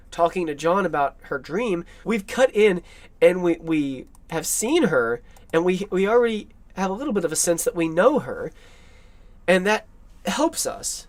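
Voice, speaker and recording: A man with a somewhat high voice talks through an old film in an eager, rambling commentary. He keeps catching and correcting himself mid-sentence as he points things out. He sounds keen on the details. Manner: enthusiastic, rambling, frequent self-corrections. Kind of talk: film analysis commentary over clips.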